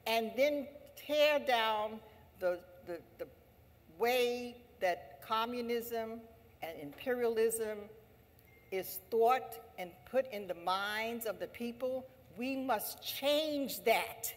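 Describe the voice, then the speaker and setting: Woman, rally speaker, passionate, repetitive cadence, higher voice, long hall reverb. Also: takes it slowly. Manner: fervent, repetitive, preaching cadence. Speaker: speaker at an anti-imperialist assembly. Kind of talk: impassioned rally speech. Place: large hall.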